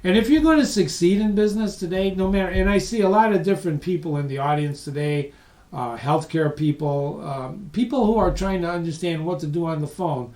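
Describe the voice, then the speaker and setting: A man's voice: sits high, brisk, darkish tone. A man giving a live webinar lecture, talking conversationally and repeating points for emphasis. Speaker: webinar presenter. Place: room with live audience online. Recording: roomy, distant mic.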